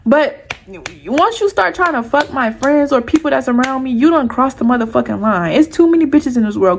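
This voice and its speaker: A young woman vlogger telling a personal story to her viewers in an animated, heated, profane way. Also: high-pitched, brisk, creaky, a little hiss or hum.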